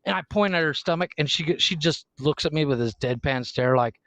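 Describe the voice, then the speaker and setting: A man's voice: a little high, a little fast, a bit bright, no room sound. A man co-hosting a podcast in casual chat, telling stories animatedly and laughing often on a close mic. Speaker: podcast co-host.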